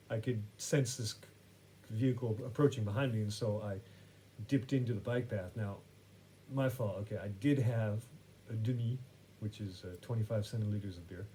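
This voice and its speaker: A man's voice: on the low side, dark tone, a little hiss or hum. A man hosting a podcast who tells a story in a wry, rambling, self-correcting way. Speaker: podcast host. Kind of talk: casual storytelling monologue.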